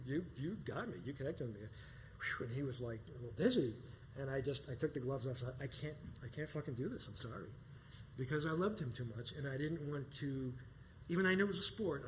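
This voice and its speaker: A man telling a personal story live on stage, animated and profane, often breaking into laughter. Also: mid-range voice, a little hiss or hum, low-quality recording. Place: performance space stage.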